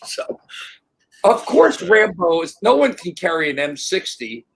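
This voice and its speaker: An older man, an interview guest on a remote call, telling animated stories and acting out other people's voices. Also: high voice, a little slow, creaky, a little hiss or hum, rough recording. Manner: animated, acts out voices in anecdotes. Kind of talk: casual storytelling.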